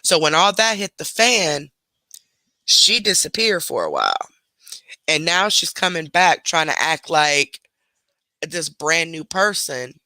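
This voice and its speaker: A man's voice: on the high side, bright, forceful tone, no room sound. A man giving reaction commentary on a clip, talking in a scornful, sarcastic way.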